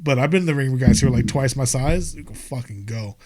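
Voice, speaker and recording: Young American man, podcast guest. Relaxed, rambling, swears freely, mid-range voice. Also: medium pitch, fast. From United States. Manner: profane, laid-back, rambling. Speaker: podcast guest, skate filmer and wrestler. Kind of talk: casual podcast chat.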